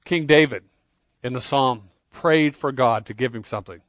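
Man, preacher, earnest sermon, loud then hushed, repeats words, dry sound. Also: medium pitch, normal speed, no echo. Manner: earnest, repeats words when starting phrases; swings between loud emphasis and quiet intensity. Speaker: pastor.

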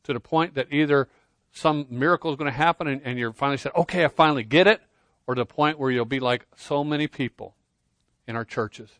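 A man preaching a sermon, earnest, swinging between loud emphasis and quiet intensity, often repeating words as he starts a phrase. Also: mid-range voice, fairly quick, dry recording. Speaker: pastor.

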